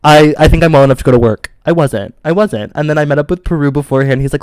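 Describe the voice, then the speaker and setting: A man's voice: a little high, very fast, a little mellow, smooth, dry recording. A man co-hosting a podcast in casual chat, telling stories in a dramatic, campy way while recovering from illness. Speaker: podcast co-host.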